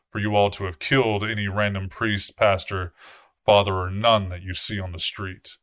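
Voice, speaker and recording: A man's voice: low voice, fairly bright tone, no echo, clean studio sound. A man voicing a male vampire prince who gives formal, authoritative orders with blunt swearing in a tabletop game.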